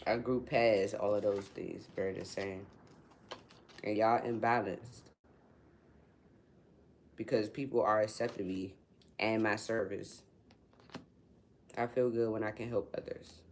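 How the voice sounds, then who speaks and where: A woman spiritual reader ranting on her livestream, blunt and profane, swinging from low muttering to loud, high-pitched outbursts. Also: fairly even intonation, measured pace, pauses often, a little hiss or hum. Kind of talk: unscripted livestream rant.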